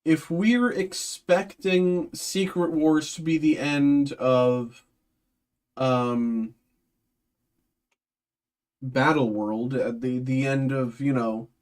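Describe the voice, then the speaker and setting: Slow, hesitant man chatting casually. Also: medium pitch, steady tone, a little mellow. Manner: hesitant, full of ums and restarts; speculative, thinking aloud. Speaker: card break host. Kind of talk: casual livestream chat.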